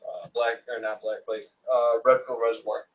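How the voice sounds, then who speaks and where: A man's voice: medium pitch, level tone, a little fast. A man hosting a live stream in casual chat, easygoing and laughing along with his guest. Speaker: livestream host. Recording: distant, dull livestream audio.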